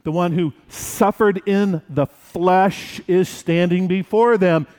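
A male pastor preaching a sermon in a church, animated and acting out the disciples' fright. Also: sits high, slow, long reverb tail.

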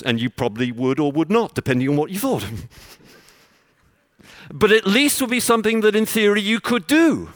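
Lively expository preacher, man. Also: a little high, dry recording, clean studio sound. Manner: explanatory, teacherly, builds points with everyday examples. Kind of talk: expository sermon.

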